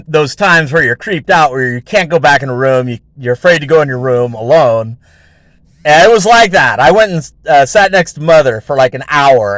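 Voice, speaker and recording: A man's voice: on the high side, fairly bright tone, no echo. A man hosting his own show, telling a story in a rambling, casual way with heavy swearing and lots of fillers. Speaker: show host.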